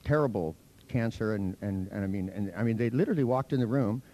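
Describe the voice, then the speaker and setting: A man's voice: fairly low pitch, fast, dark tone. A man teaching a hypnosis seminar to a live audience, telling anecdotes in a blunt, profane, teasing way. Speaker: hypnosis instructor.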